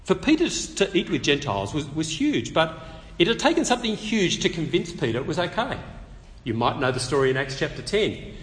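A man preaches to a meeting in a conversational, animated way, slipping in light humor as he explains his text. His voice sits a little high and swings widely in pitch. A long reverb from the hall trails behind every phrase. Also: a little fast, a little hiss or hum. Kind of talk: expository sermon at a public meeting.

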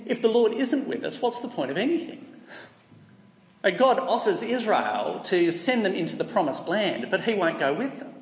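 Australian man preaching in an echoey hall. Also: on the high side. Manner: earnest, emphatic preaching with rhetorical questions. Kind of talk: sermon. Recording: echoey hall with long reverb.

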